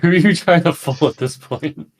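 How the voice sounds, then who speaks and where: Dude at the dnd table cracking jokes. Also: male voice, fairly high pitch, moderate pace. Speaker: player. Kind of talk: casual tabletop game chat.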